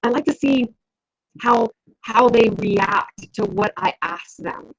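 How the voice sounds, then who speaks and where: Woman coach talking to camera, kinda husky and a bit high, dull lo-fi sound, keeps asking "right?". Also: takes it slowly. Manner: conversational, keeps checking in with the listener. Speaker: business coach. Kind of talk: instructional talk to camera. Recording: dull lo-fi recording.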